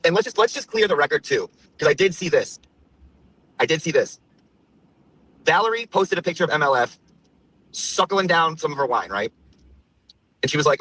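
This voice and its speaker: A man's voice: fairly high pitch, expressive, brisk, long pauses, a bit bright, slightly rough, low-quality recording. A man ranting in a casual, mocking way about women he dislikes, laughing at them. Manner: sneering, mocking, laughs a lot. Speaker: streamer being mocked.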